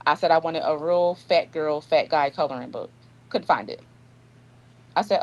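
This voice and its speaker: A woman author talking in a casual interview, telling stories in an animated way and acting out dialogue. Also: deep voice, moderate pace, poor audio. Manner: animated storyteller, acts out dialogue. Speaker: author guest.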